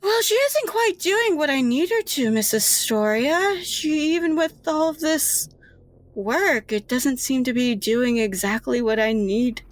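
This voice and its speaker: A woman's voice: high voice, animated, unhurried, no echo, voice pushed up, rough recording. Woman doing a cruel sweet-talking nurse. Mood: mock-sweet. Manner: mock-gentle, condescending.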